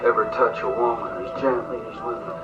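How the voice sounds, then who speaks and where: A man's voice: lowish voice, steady tone, a little fast, natural voice. An actor playing a gallant, courtly male gunslinger in a TV drama. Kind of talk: TV drama dialogue. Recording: muffled TV clip over loud music.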